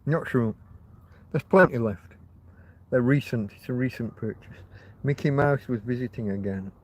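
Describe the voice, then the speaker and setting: A man's voice: mid-range voice, moderate pace, a little mellow. A man hosting a casual livestream, rambling and chatting to his viewers with frequent restarts. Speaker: livestream host.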